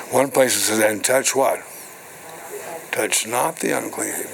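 Older man, minister, church sermon, gravelly voice, call-and-response, faint room noise. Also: mid-range voice, takes it slowly, pauses often, a bit bright, poor audio. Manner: call-and-response preaching with repeated "hello" and "right"; reads scripture aloud, then explains it.

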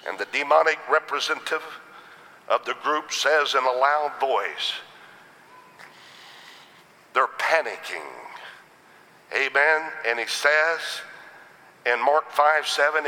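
A man's voice: medium pitch, slow pace, pauses often, pushed and bright, big-room sound, low-quality recording. A man preaching a sermon in a rhythmic style, punctuated with Amens.

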